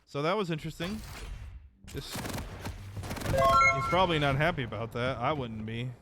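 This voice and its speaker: A man casting a live online shooter match in a casual, rambling way, with sudden excited outbursts. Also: mid-range voice, moderate pace, heavy background noise. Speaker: esports caster. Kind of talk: live game commentary. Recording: loud game gunfire under voice. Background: game gunfire and rockets.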